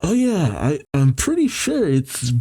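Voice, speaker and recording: A man's voice: a little high, wildly swooping pitch, a little slow, warm tone, breathy edge. A man reading a comic aloud as narrator, with chatty asides between panels. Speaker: comic reader and reactor.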